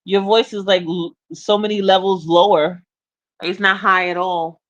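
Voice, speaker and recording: A woman's voice: medium pitch, steady tone, a little slow, fairly bright tone, muffled recording. A woman co-hosting a casual online chat, teasing and giggly.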